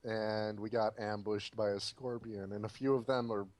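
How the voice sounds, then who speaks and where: A man's voice: fairly low pitch, fairly even intonation, moderate pace, darkish tone, no echo. Young man playing a hesitant gnome wizard. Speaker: player. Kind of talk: tabletop role-play.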